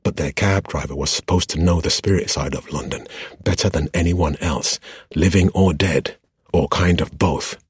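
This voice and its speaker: A man narrating a fantasy novel as an audiobook in a steady, measured way. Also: very deep voice, slightly rough, dry recording, clean studio sound.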